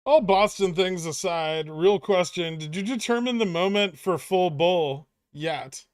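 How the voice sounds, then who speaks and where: Male streamer host, higher-pitched smooth voice, dry close mic, crude joking banter with chat. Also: unhurried, no echo. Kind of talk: casual live-stream chat.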